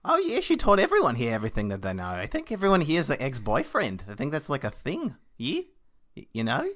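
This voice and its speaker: A man's voice: mid-range voice, huge pitch swings, fast, fairly bright tone, no room sound. A man co-hosting a comedy podcast, improvising a story with playful, teasing asides.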